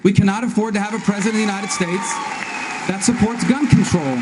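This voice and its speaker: A man speaking as a presidential candidate in a debate, in a rapid, emphatic, repetitive stump-speech style. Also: high voice, long reverb tail, crowd noise, noisy background. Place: large debate hall.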